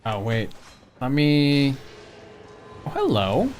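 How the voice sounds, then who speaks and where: A video game streamer chatting through gameplay in a casual, animated way. The pitch swings around a lot, with frequent laughs and offhand swearing. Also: slow, a little hiss or hum.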